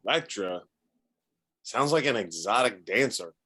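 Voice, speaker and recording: A man's voice: lowish voice, lively intonation, unhurried, pushed and bright, slightly rough, heavily acted. A man reading the part of Foggy, a sarcastic male lawyer partner, in an amateur script table read. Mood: incredulous. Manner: sarcastic, incredulous quips.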